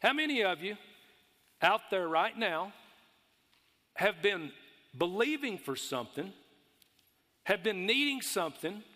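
Bright-voiced Texan preacher in a hall. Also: male voice, sits high, sing-song, a little slow, long pauses. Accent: Texas. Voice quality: folksy, storytelling delivery. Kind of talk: sermon. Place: church sanctuary. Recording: long reverb of a large hall.

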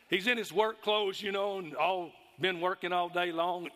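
A man's voice: high voice, lively intonation, moderate pace, hardly any pauses, a bit bright. A man with a Texas accent preaching a sermon in a folksy, storytelling way to a church congregation. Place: church sanctuary. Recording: long reverb of a large hall.

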